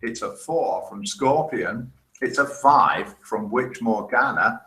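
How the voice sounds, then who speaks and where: Bright and forceful, his medium-pitched voice moves at a slow pace as he hosts a live online show. The echoey indoor room is in Spain, and he keeps things chatty, reading out viewer comments and laughing at his own jokes.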